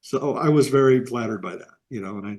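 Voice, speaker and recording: This is a middle-aged animation artist from the American Midwest, a guest on a casual video-call interview who rambles through anecdotes and acts out quoted voices. He has a medium-pitched, darkish voice and speaks a little fast.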